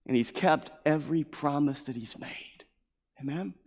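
A pastor preaching a sermon with emphatic delivery, repeating key phrases and acting out scripture quotes. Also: male voice, fairly high pitch, measured pace. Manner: acts out scripture quotes in a raised voice. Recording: long hall reverb.

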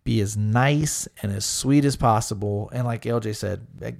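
A man's voice: lowish voice, moderate pace, gravelly, hardly any pauses, darkish tone. A young man co-hosting a podcast, talking casually and profanely, rambling and acting out quotes. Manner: rambling, profane, acts out quotes in raised voices. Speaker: podcast co-host. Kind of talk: casual chat.

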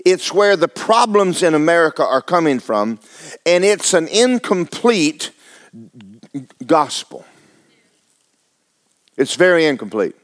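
A man's voice: fairly high pitch, big pitch swings, takes it slowly, pauses often. A man, preaching a folksy, joking, emphatic sermon as pastor. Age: 70s.

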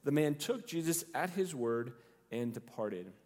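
A man's voice: mid-range voice, animated, measured pace, a little mellow. A male pastor preaching a sermon, retelling the story expressively and acting out the characters' lines. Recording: long hall reverb.

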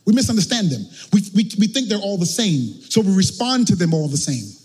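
A male pastor preaching a sermon in church, sliding into a chanted, sung cadence and rising to shouts. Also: high voice, sing-song, brisk, breathy edge, big-room sound.

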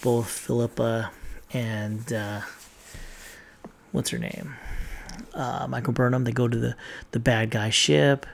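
A man's voice: mid-range voice, fairly even intonation, slow, vocal fry, long pauses. A man casually recapping TV episodes, rambling and swearing with plenty of ums and uhs. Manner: rambling, profane, lots of fillers. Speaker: TV recap vlogger.

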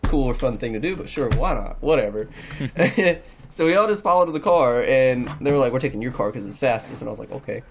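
A man's voice: medium pitch, expressive, fast talker, creaky, a little hiss or hum. A young man telling a long story in casual chat, rambling, laughing and swearing a lot.

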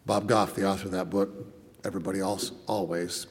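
A man's voice: low-pitched, little pitch movement, brisk, long reverb tail. A man preaching a sermon as a pastor, telling a story with swelling and dropping volume and repeated words.

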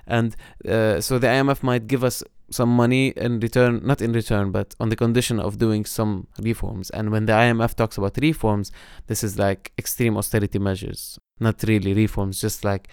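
This podcast co-host from Lebanon has a lowish, darkish, smooth voice with vocal fry, a level tone, and a moderate pace with few pauses. Critical and explanatory, he breaks down economic news in a relaxed political-economy chat, frequently restarting and dropping "you know." The recording is dry and studio quality.

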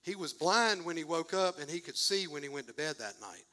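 Male preacher, slightly high, bright and forceful voice, loose and slangy, telling a story from the pulpit. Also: a little fast. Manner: casual, slangy, animated storytelling. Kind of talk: sermon storytelling.

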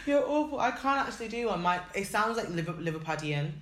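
A woman's voice: medium pitch, sing-song, fast, noisy background. A young woman co-hosting a podcast in casual chat, easygoing, self-mocking and giggly. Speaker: podcast co-host. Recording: roomy echo.

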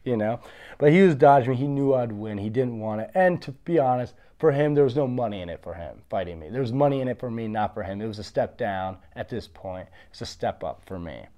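A man's voice: medium pitch, lively intonation, fairly quick, mellow. A man in his early thirties, a former fighter being interviewed, telling his story in a blunt, confident, boastful way. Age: 30s.

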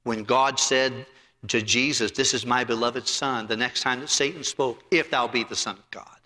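A man preaching a sermon as pastor, telling stories from the pulpit, rising to loud emphasis and dropping to quiet asides. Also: mid-range voice, steady tone, moderate pace. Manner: preachy and anecdotal, swings between loud emphasis and soft asides. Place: church sanctuary. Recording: long hall reverb.

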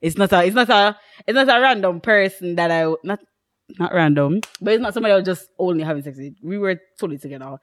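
A young woman, co-hosting a casual chat podcast and telling stories in an animated way, laughing often. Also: fairly low pitch, fast. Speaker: podcast co-host.

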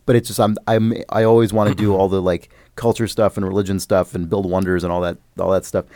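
A man's voice: low-pitched, little pitch movement, quick pace, dark tone, no room sound, studio quality. A man hosting a podcast, telling a long rambling story in casual chat, full of fillers and swearing. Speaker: podcast host.

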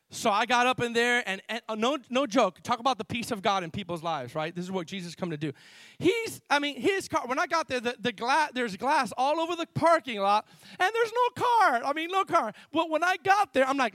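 Preaching a sermon in a church, a pastor from Miami speaks at a moderate pace in a fairly high voice. His storytelling is animated, leaping between loud outbursts and quiet asides, in a close, dry recording.

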